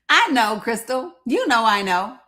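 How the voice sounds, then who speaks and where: A woman's voice: fairly high pitch, sing-song, measured pace, bright, forceful tone. A woman hosting a live stream, teasing and skeptical as she presses her caller with repeated pointed questions and laughs often. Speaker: livestream host. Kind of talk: casual live-stream debate.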